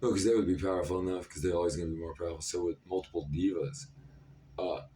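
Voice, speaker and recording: A man's voice: sits low, steady tone, quick pace, dark tone. A man in his thirties talking in a disjointed, jumpy stream with many fillers, in a rambling monologue to camera. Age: 30s. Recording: voice a bit far from the mic.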